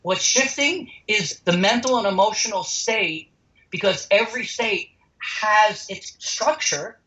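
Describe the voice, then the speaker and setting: Interviewed about the healing center he founded, this man tells lively stories with emphasis, voicing the characters' quoted lines himself. His voice is high and sharp, captured on lo-fi sound.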